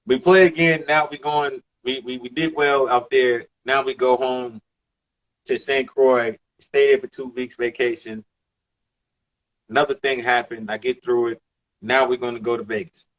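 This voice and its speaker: A man in his thirties from the Bronx with a New York accent, telling stories in a casual interview, animated, emphatic and profane. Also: mid-range voice, moderate pace. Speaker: former basketball player, guest.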